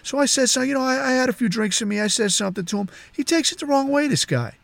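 A man voicing a scheming older man who talks in a low, conspiratorial mutter. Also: animated, fast, creaky, no room sound, exaggerated voice. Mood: sly gossip.

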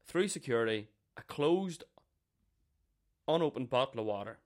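A man's voice: medium pitch, animated, normal speed. A man co-hosting a podcast, talking bluntly with plenty of swearing and laughter. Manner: blunt and profane, laughing often. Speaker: podcast co-host. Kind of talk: casual chat.

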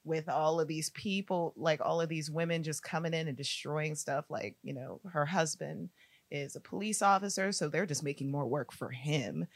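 An actress chatting in an interview, animated and quick with laughing asides. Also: female voice, deep voice, no echo. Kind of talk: casual interview chat.

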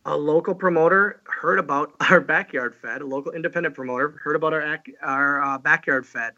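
Interview guest: higher, bright-toned man, halting storyteller, dull lo-fi audio. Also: gravelly. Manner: halting, lots of fillers and restarts, chuckles. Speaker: guest, professional wrestler.

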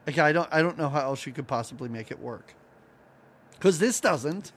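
A man's voice: a little high, moderate pace. A man co-hosting a podcast in casual chat, laughing often and acting out scenes as he recaps a cartoon. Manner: animated, laughs often, acts out lines from the cartoon. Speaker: podcast co-host.

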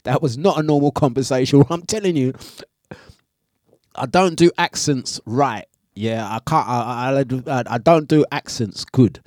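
A man hosting a breakfast radio show, telling stories in animated, slangy chat and laughing often. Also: medium pitch, unhurried, no room sound, studio quality. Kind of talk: casual live radio chat.

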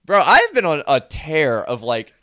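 A man's voice: on the high side, wildly swooping pitch, a little slow, fairly bright tone, dry recording, studio quality. A man telling stories in casual chat, rambling with lots of "like" and frequent laughter.

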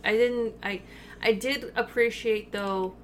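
A woman co-hosting a podcast in casual chat, talking in an animated way with lots of fillers and swearing, eating while she records. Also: fairly high pitch, slow pace, slight background noise. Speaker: podcast co-host.

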